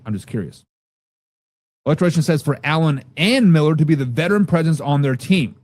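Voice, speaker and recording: Man, sports show host, casual chat, animated and profane, fairly high voice, dry sound. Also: fast talker, no room sound. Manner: loud, animated and profane, reacting to viewers' comments. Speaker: podcast host reading live chat.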